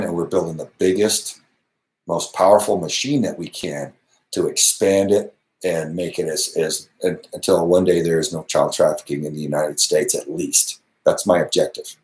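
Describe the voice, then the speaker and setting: Earnest low-voiced man in an echoey room. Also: a little mellow. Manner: earnest, emphatic, with short laughs and restarts. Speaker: channel host. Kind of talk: live Q&A monologue.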